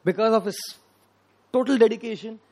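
A man's voice: sits high, a little fast, darkish tone, poor audio. A man giving a devotional sermon, emphatic and repetitive, with a voice that swells and drops. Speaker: preacher.

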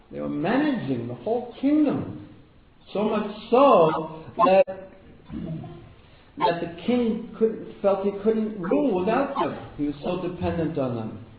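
A man giving a devotional talk, telling stories and often repeating words for emphasis. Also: high voice. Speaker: spiritual teacher. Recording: echoey room over a tinny phone-like line with background noise.

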